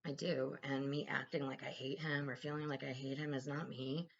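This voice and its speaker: Woman vlogger, low gravelly voice, blunt and rambling, dull lo-fi sound. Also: flat delivery, normal speed. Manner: candid, rambling, swears freely. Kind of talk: casual personal vlog.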